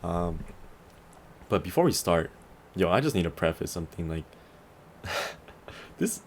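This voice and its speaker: A young man in his twenties talks on his solo podcast with a very deep voice. He rambles easily through his thoughts, stacking fillers and soft chuckles, and sounds a little tired. A faint hum of noise sits under him. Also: very animated, unhurried. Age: 20s. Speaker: podcast host. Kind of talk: casual solo podcast chat.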